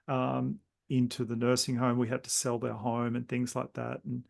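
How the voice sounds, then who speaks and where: A man's voice: medium pitch, monotone, moderate pace, gravelly, darkish tone. A man hosting a podcast interview, telling stories in a meandering, reflective way. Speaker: podcast host. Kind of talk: casual conversational interview.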